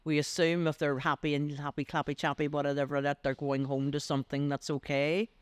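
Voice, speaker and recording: An older woman with a Northern Irish accent, a business coach being interviewed on a podcast, telling stories with lively acted-out voices. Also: a little fast, smooth, dry recording. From Northern Ireland. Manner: animated, acts out quoted voices with big pitch leaps. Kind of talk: podcast interview, anecdotal storytelling.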